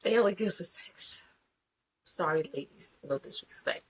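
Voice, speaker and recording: A woman co-hosting a podcast in casual chat, talking bluntly and profanely with animated storytelling. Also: on the low side, moderate pace, slight background noise, poor audio. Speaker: podcast co-host.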